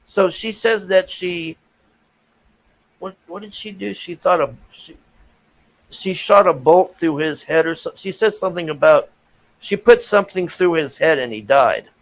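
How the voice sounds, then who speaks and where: A man's voice: sits high, measured pace, rough recording. A man giving a casual, profane, frustrated rant as a movie reviewer, with many restarts.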